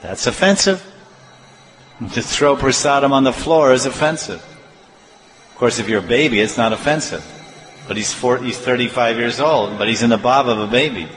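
A man giving a devotional sermon as a spiritual teacher, animated and acting out the voices of others in his examples. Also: medium pitch, moderate pace, faint music behind. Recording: roomy hall with long reverb.

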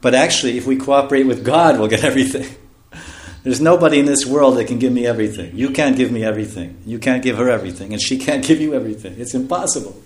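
A man's voice: medium pitch, fast talker. Chuckling male preacher in an echoey room. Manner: conversational, chuckling often, dropping to soft asides. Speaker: spiritual teacher. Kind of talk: sermon.

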